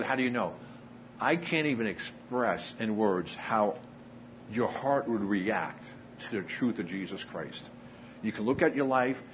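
A man preaching a sermon, telling stories earnestly with frequent pauses and acted-out dialogue. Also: fairly low pitch, slight background noise, poor audio. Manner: earnest, pauses often, acts out quoted dialogue. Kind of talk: sermon storytelling.

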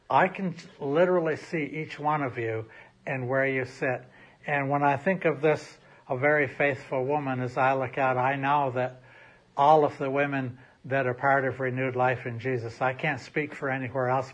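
A man's voice: medium pitch, a bit bright. A male pastor delivering a recorded sermon in an empty church sanctuary, speaking casually with frequent restarts. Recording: slightly muffled recording.

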